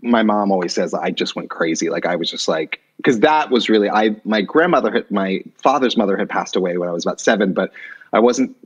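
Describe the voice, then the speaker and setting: A man telling a long personal story as a podcast guest, lively and quick to jump into other people's voices. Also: breathy edge. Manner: animated, jumps pitch when quoting people. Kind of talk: conversational storytelling. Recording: muffled low-fidelity remote audio.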